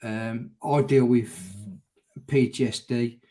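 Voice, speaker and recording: A man's voice: mid-range voice, slow pace, mellow. A middle-aged man with a Birmingham accent, a guest on a casual live stream, chatting openly and restarting his words, calling people mate. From Birmingham area, England. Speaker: guest, motorcycle vlogger.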